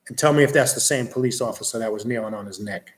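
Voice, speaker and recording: A man with a mid-range voice talks quickly in a roomy space with a little background noise. He's hosting a livestream, reading viewers' questions aloud and answering them bluntly, casually and with plenty of swearing. He also tells stories in a lively, animated way.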